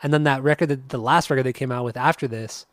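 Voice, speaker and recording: An easygoing man co-hosting a podcast, laughing often and trailing into fillers as he talks. His mid-pitched voice is recorded dry and close. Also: fast, a bit bright, no room sound. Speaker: podcast co-host. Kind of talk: casual chat.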